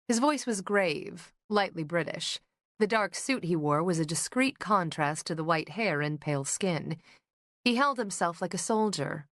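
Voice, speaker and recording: A woman narrating a romance novel as an audiobook, measured and even. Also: lowish voice, dry recording, clean studio sound.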